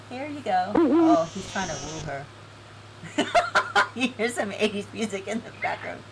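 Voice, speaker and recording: Woman streamer, teasing and giggly, unhurried; desk mic, noisy home recording. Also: medium pitch, expressive. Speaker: streamer running a game event. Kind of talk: casual live-stream chat, reading game text aloud.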